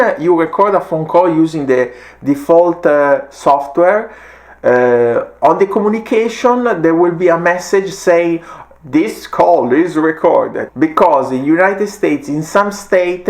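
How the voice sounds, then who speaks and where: Man with an Italian accent, halting. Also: fairly high pitch. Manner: halting, frequent uh fillers, non-native grammar. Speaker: tech reviewer. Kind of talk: casual product demo.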